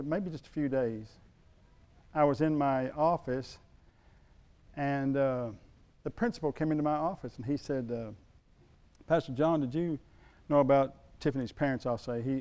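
A middle-aged man preaching a sermon, telling a personal story in a folksy way that swings from loud to hushed. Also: medium pitch. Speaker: pastor.

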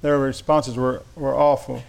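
A man with a medium-pitched voice marked by vocal fry preaches at a measured pace in a level tone. He laughs along while reading funny stories aloud, then turns earnest, shifting between light storytelling and serious preaching.

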